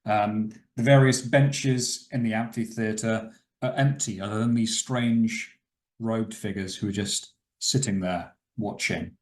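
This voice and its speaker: A man's voice: fairly low pitch, a little slow. Guy gm-ing a tabletop game, laid back, lots of ums, echoey room. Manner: relaxed, filler-heavy narration. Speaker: game master.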